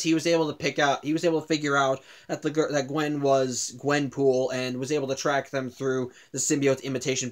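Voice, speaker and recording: A man casually retelling a comic book's plot for a video review, often stopping and restarting his sentences. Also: medium pitch. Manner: halting, with frequent restarts and self-corrections.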